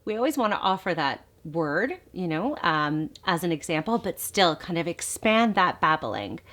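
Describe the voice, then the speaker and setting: Calm woman explaining baby babbling tips. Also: lowish voice, moderate pace. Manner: calm, explanatory, models babble sounds in a bright sing-song. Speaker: speech therapist. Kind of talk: instructional talk to parents.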